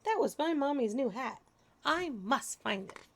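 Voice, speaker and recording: A small, determined boy in a storybook, voiced by a woman reader. He talks earnestly and insistently, his voice rising and falling in a lively way. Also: high-pitched, measured pace, a little hiss or hum, pitched above the performer's own voice. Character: determined little boy David.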